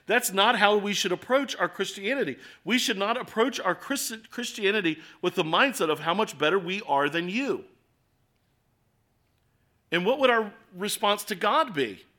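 An American man delivers a sermon with a bright, forceful edge to his voice. He speaks a little higher than most men and keeps the tone earnest and conversational. He leans on rhetorical questions as he teaches. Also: expressive, normal speed. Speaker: pastor.

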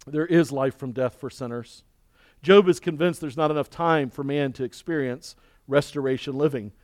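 A man preaching a sermon, swinging from loud, high emphasis to quiet, confiding passages. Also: moderate pace, no room sound, clean studio sound. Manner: dynamic preaching, climbing loud and high then dropping to soft, intimate confession. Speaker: pastor.

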